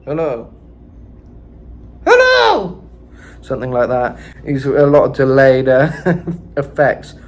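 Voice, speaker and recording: A man's voice: medium pitch, flat delivery, measured pace, darkish tone, slight background noise. A man giving a casual singing lesson, explaining in a loose, rambling way with lots of fillers. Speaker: vocal coach.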